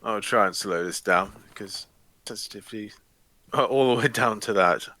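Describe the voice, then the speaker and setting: A man's voice: fairly low pitch, normal speed, pushed and bright, dry recording. A man hosting a gaming video, chatting casually and joking in a rambling way. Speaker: gaming channel host. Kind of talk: casual chat while playing.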